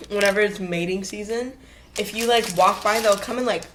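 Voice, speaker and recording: A woman co-host chatting casually, giggly and loose with her words. The recording has clear background noise. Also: medium pitch, brisk. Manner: chatty, giggly, lots of filler "like". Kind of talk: casual chat. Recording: noisy podcast recording.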